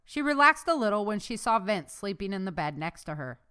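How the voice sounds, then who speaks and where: A woman narrating a novel chapter aloud as an audiobook narrator, telling the story in a steady way. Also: mid-range voice, fairly quick, clean tone. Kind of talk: scripted narration.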